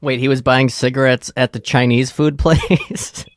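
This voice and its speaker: A man's voice: medium pitch, fairly even intonation, a little slow, dry recording. A man hosting a podcast, chatting casually with short, easygoing reactions and slang. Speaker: podcast host. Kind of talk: casual chat.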